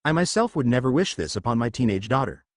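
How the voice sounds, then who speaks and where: A man's voice: medium pitch, very animated, fast talker, no echo, clean studio sound, natural voice. A man reading the lines of a heavyset male merchant on a council. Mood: pleading.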